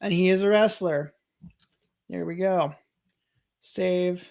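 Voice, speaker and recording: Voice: medium pitch, slow, gravelly, a little mellow. Rambling let's-play streamer thinking aloud. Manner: rambling and thinking aloud, with frequent restarts and chuckles. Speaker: streamer playing a wrestling management game. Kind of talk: casual let's-play commentary, reading chat.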